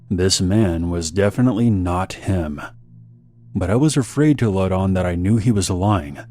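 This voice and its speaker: A man with a very low voice narrating a scripted horror story. He reads in a measured, steady way, letting each line land.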